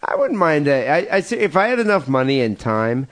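A man's voice: a little high, big pitch swings, fairly quick, a bit bright. Rambling male podcast co-host. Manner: rambling, laughs at own jokes, many fillers. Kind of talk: crude casual chat.

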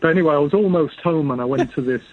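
A man's voice: a little high, racing. English man telling a story down a phone line. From United Kingdom. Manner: chatty, amused storytelling. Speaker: caller. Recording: voicemail over a phone line.

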